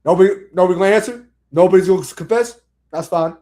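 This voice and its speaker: A man's voice: sits high, fast talker, mellow. A man co-hosting a casual sports chat, barking orders at players in a mock drill-sergeant manner. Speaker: podcast co-host.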